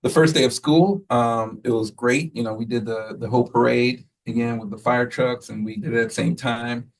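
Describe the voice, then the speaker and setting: A man speaks in a gravelly voice at an ordinary pitch. He gives a relaxed, rambling report to a school board. He is picked up from across a meeting room. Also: moderate pace, distant mic, poor audio. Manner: relaxed, rambling, many fillers and quoted asides. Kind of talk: casual spoken report at a meeting.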